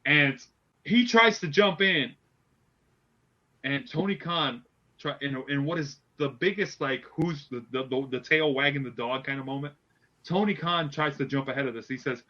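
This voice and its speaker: A man's voice: a little high, normal speed. Rambling podcast guy, lo-fi sound. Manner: rambling, animated retelling with many restarts. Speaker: podcast host. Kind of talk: casual wrestling podcast chat.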